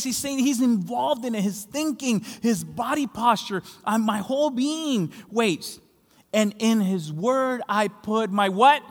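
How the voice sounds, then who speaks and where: A man from Latin America preaching a sermon as pastor, building passionately and rising to shouts on key phrases. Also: very high voice, lively intonation, measured pace. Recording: long hall reverb.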